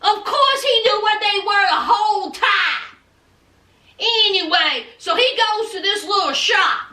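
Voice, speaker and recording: A woman with a very high, bright voice talks unhurriedly through a show recap, laughing and slipping into the cast's lines as she goes. She sounds a little distant from the mic in an echoey room. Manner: chatty, laughing, acts out the cast in quick quoted voices. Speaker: reality show recap vlogger. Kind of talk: casual recap commentary.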